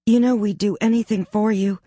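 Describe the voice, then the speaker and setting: A narrator voicing Ashley, a worried, sympathetic young woman friend who speaks high and gushing. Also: steady tone, a little fast, dark tone, dry recording, studio quality, natural voice.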